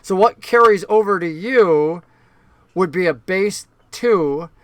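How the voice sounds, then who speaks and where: A man narrating and explaining rules as game master of a tabletop game, relaxed and patient. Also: high voice, slow.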